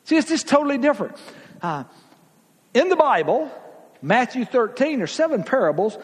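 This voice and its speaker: A man preaching in a folksy, emphatic way, his high husky voice leaping up and dropping low as he drives each point home. The sound rings with the long reverb of a church hall. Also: sing-song, moderate pace. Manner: folksy, emphatic preaching with big swings in pitch and loudness. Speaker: pastor. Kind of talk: sermon.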